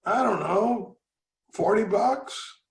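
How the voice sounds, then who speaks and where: A blunt old farmer, offhand and unimpressed, with a gravelly drawl as a man puts him on. His voice bounces around an echoey room. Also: sits high, takes it slowly, voice pushed up, full character voice.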